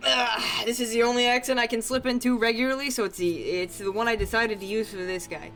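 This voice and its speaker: A woman's voice: fairly high pitch, fairly even intonation, a little fast, few pauses, a bit bright, faint music behind. A woman streaming a fishing game, chatting casually, laughing and swearing between dialogue. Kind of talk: casual gameplay commentary.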